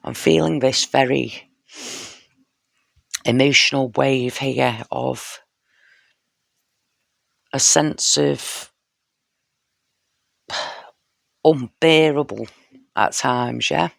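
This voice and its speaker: Tarot reader, casual reading to camera, heartfelt, keeps checking in with the viewer, unhurried delivery. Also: mid-range voice, creaky, fairly bright tone, no room sound, studio quality. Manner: slow, heartfelt, frequent "you know" and "yeah?" check-ins; intimate, speaks straight to the viewer.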